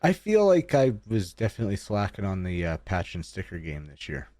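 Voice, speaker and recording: A man's voice: low voice, huge pitch swings, brisk, dark tone, dry recording. A man co-hosting a podcast, chatting casually and laughing easily. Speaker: podcast co-host. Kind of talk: casual chat.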